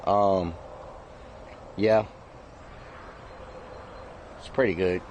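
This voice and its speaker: A man's voice: sits low, steady tone, drawn-out words, darkish tone, muffled recording, slight background noise. A man hosting a casual outdoor live stream, drawling loose jokes and asides to his chat. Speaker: livestream host.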